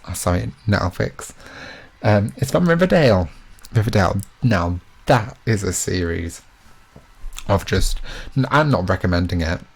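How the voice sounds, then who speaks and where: A man's voice: fairly low pitch, vocal fry, a little mellow. A young man hosting a live quiz, chatty and joking, with self-mocking asides between questions. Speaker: quiz host.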